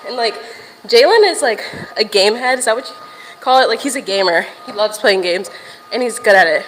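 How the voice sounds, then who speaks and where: A woman's voice: fairly high pitch, animated, brisk, a bit bright, long reverb tail, a little hiss or hum, low-quality recording. A young woman livestreaming from a gym while walking on a stair machine, chatting casually to viewers, a little out of breath and swearing now and then.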